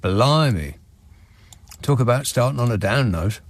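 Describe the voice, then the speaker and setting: A man's voice: mid-range voice, lively intonation, measured pace, slight background noise. A man hosting a radio phone-in, reading listener messages in a dry, sardonic way with wry chuckles. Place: radio studio. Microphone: studio microphone.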